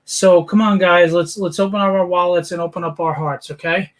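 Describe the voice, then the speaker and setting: High-voiced man pitching a charity auction. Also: fairly quick. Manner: energetic, persuasive, frequent fillers. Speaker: auction host.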